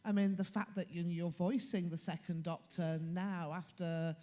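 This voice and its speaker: A man on a convention panel asking drawn-out questions. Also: high voice, steady tone, mellow.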